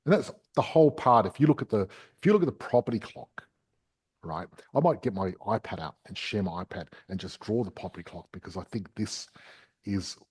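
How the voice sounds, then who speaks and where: A man's voice: lowish voice, a little fast, darkish tone, husky. A man hosting a property podcast, explaining investing step by step in a chatty, casual way. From Australia.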